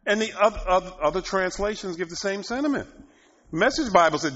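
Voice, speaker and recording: A man preaching a sermon, often laughing and rising to loud, emphatic bursts, in a dull lo-fi recording. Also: sits high, brisk.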